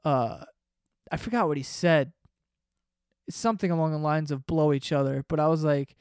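A man's voice: fairly high pitch, normal speed, pauses often, a little mellow, smooth, no room sound, clean studio sound. A man hosting a podcast, telling a story in a casual, rambling, profane way. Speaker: podcast host.

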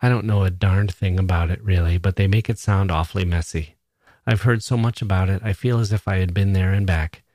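A man's voice: low voice, fairly even intonation, brisk, darkish tone, dry recording, clean studio sound. A man voicing a cheerful young soldier with a light, joking, offhand manner. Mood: breezy.

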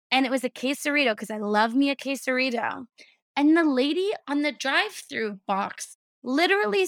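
Woman host, higher than average, animated casual chat with cursing commentary. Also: no room sound. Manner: animated, swearing, sarcastic asides. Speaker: podcast host. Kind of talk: casual chat, reading a news story.

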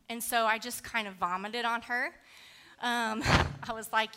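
A woman's voice: fairly high pitch, fairly even intonation, unhurried, pushed and bright, clean tone. A woman preaching a sermon, candid and conversational, mixing scripture with a personal story and casual fillers.

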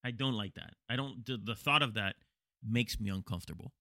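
A man's voice: lowish voice, fairly quick, bright, forceful tone, dry recording, clean studio sound. A man co-hosting a podcast in casual chat, wry and playful. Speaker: podcast co-host.

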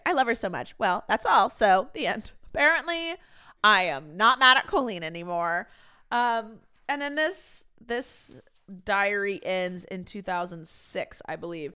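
Lively, smooth-voiced woman in her thirties. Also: medium pitch, normal speed. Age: 30s. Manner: animated, swears freely, laughs at herself. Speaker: podcast host. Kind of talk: casual chat reading old diaries aloud.

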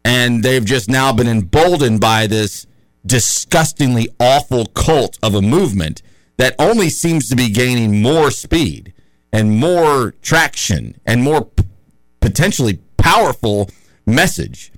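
A man's voice: medium pitch, animated, unhurried, dry recording. A man hosting a radio talk show, talking in an opinionated, conversational and rambling way in a studio.

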